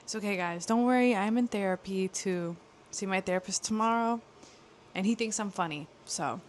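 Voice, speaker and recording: A woman's voice: mid-range voice, moderate pace, a little hiss or hum. A young woman vlogging in a casual, candid way, rambling with lots of fillers as she talks to the camera. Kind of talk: casual confessional vlog.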